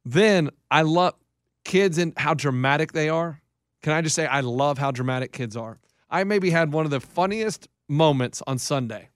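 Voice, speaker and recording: A man with a high, light voice tells stories about his young kids, mimicking their whiny lines with quick bursts of speed. The sound is close and dry, with no room around it. It is loose, friendly podcast banter. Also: no room sound. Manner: animated storyteller acting out his kids. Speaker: podcast co-host. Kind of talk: casual chat.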